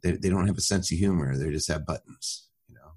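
A man's voice: sits low, a little fast, a little mellow, husky. A man talking as a tax advisor guest on a podcast, explaining in a confident, plainspoken way. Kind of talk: podcast interview.

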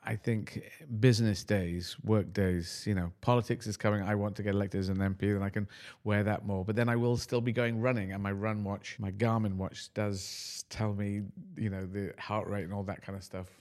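Middle-aged man, UK-raised guest, lowish voice, rambling and self-deprecating, casual interview. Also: flat delivery, moderate pace, a little mellow. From United Kingdom.

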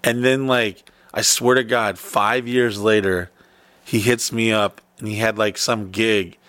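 A man telling stories in casual chat, rambling and profane with quick bursts. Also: fairly low pitch, steady tone, a bit bright, no room sound.

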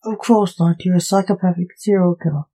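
A woman's voice: fairly low pitch, fairly even intonation, fairly quick, mellow, close to an everyday voice, rough recording. A woman voicing a grumpy, weary male Lord of Hell who grumbles curtly at his son, in a read-aloud story. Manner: grumbling, curt.

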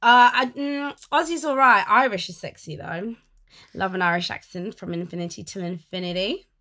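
A young woman from Essex with an Essex accent, co-hosting a casual chat podcast and teasing her friend with animated stories. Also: medium pitch, moderate pace. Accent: Essex English. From Essex, England. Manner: giggly, teasing, animated storyteller. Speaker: podcast co-host.

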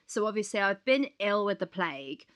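A woman in her thirties co-hosting a podcast, hoarse from the flu and talking candidly in casual chat. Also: mid-range voice, fairly quick. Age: 30s. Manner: candid, expressive, retells with acted quotes. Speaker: podcast co-host.

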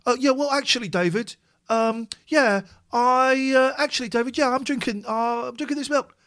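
A man's voice: extremely high pitch, a bit bright, voice pushed up. A man doing an impression of a hesitant young man who fumbles through every sentence with uhs and actuallys. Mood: fumbling. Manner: halting, full of uh and actually.

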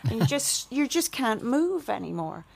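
A woman's voice: a little high, moderate pace, creaky. A middle-aged woman from Ireland, a composer, telling stories in an interview and acting out quoted voices. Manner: animated, acts out quoted voices with laughs. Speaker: composer guest. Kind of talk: storytelling interview answer.

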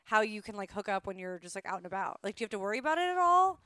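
A woman hosting a podcast chats casually and fires off questions. She talks fast, with lots of rise and fall in her pitch. Her voice is bright and clear on a close, dry mic. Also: very animated, no echo. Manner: reacting, asking questions. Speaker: podcast host.

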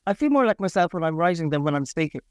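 A woman's voice: fairly low pitch, big pitch swings, rapid-fire, no room sound, studio quality. A middle-aged woman with an Irish accent, a writer talking frankly in an interview, self-deprecating and hesitant, with many restarts and fillers. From Northern Ireland. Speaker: writer guest. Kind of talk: casual interview talk.

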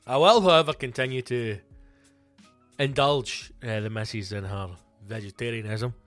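A Scottish man hosting a comedy podcast, ranting in an animated, sweary monologue. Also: medium pitch, slow, long pauses, soft background music. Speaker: comedian host.

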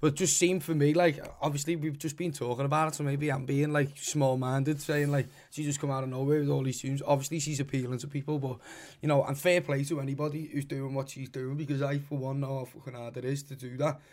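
A man's voice: mid-range voice, level tone, quick pace, few pauses, darkish tone. Rambling sweary Scouse man. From Liverpool, England. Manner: rambling, sweary, lots of "you know what I mean". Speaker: musician. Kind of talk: casual podcast chat.

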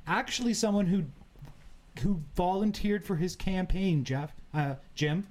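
A man hosting a political talk show, giving opinions in a halting way with many fillers and restarts. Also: high voice, a little mellow. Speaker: show host.

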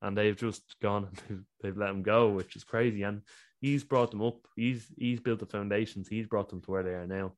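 A man's voice: on the low side, steady tone, moderate pace. A man from Ireland, co-hosting a podcast and enthusing casually about football. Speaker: podcast co-host. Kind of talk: casual chat.

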